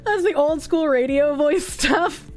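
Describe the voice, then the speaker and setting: A woman's voice: high voice, a little slow, soft background music. A woman streamer chatting casually and reading viewer comments, rambling and joking, often laughing and swearing.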